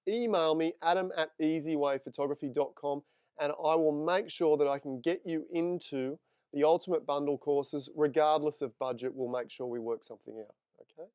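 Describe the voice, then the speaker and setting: A man's voice: fairly high pitch, steady tone, moderate pace, a little mellow, clear, resonant tone, dry recording. A man teaching photo editing in a live screen-share tutorial, chatting with viewers as he works. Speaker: photography instructor.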